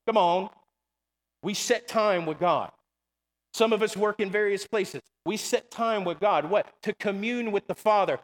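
A man preaching a sermon in a church, calling to the congregation with repeated "come on" and "amen". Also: high-pitched. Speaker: pastor. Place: church sanctuary. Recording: long hall reverb.

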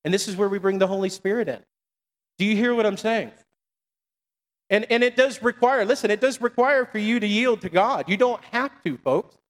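A man's voice: high-pitched, moderate pace. A middle-aged male pastor preaching a sermon to a congregation, with frequent call-and-response asides. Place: church sanctuary. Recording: long hall reverb.

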